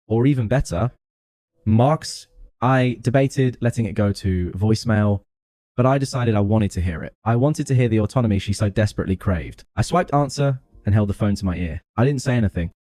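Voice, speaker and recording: A man narrating a first-person story in a calm, even, scripted delivery. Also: lowish voice, a little fast, no room sound.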